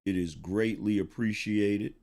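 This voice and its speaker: Middle-aged male stream host with a low-leaning voice, blunt, emphatic, repeats himself, profane. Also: steady tone, a little slow, darkish tone. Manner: blunt, emphatic, repeats lines for effect, swears. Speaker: commentary show host. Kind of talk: live-stream commentary, reading viewer chat.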